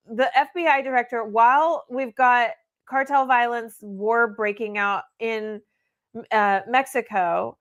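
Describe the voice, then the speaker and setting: A woman's voice: on the high side, fairly bright tone. A woman hosting a legal show, giving casual, candid news commentary with laughing asides and lots of fillers. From United States. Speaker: immigration law show host. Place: home or office studio in Austin.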